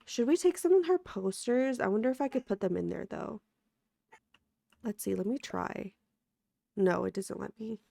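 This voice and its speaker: A woman's voice: mid-range voice, normal speed, vocal fry, long pauses, warm tone, no room sound. A woman hosting a let's play, chatty and giggly, talking to her viewers while sleepy and sick. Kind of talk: casual gameplay commentary.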